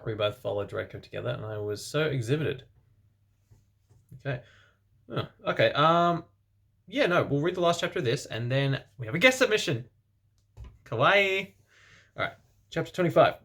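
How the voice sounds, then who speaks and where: Man reading fan fiction with deadpan asides. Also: mid-range voice, fairly quick, vocal fry, pauses often, breathy edge. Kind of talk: comedic dramatic reading.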